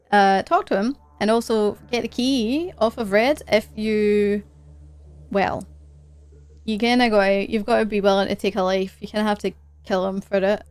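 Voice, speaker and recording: A woman's voice: mid-range voice, clear, resonant tone, no echo. A woman streaming a game live, chatting and laughing as she plays. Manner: chatty, laughs often, jokes about her accents. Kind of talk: live gameplay commentary.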